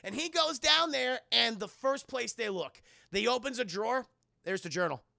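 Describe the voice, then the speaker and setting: His voice is very high and gravelly at normal speed, captured dry at studio quality. He's livestreaming a casual film review full of profanity, excitedly talking to his chat and performing characters in loud voices.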